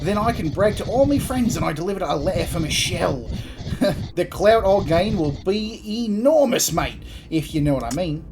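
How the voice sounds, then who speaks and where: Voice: mid-range voice, lively intonation, normal speed, voice pushed up, natural voice. A gamer voicing a cheery, clout-hungry male demon postman in a put-on New Zealand accent, eager and chummy. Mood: scheming. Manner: chummy, eager, calls people mate.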